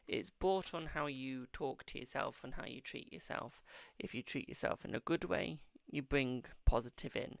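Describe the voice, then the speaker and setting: Very gravelly man reading tarot. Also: mid-range voice, a bit bright, no room sound, clean studio sound. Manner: affectionate, calls viewers "my darling". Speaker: tarot reader hosting a live stream. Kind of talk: casual live-stream tarot readings.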